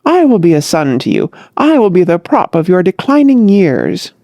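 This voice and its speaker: Brief: narrator's voice for a cheerful, smooth-talking young man, lively pitch, dry close read. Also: moderate pace, dry recording. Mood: breezy, smooth. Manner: smooth, airy flourishes. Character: breezy, glib young man eager to please.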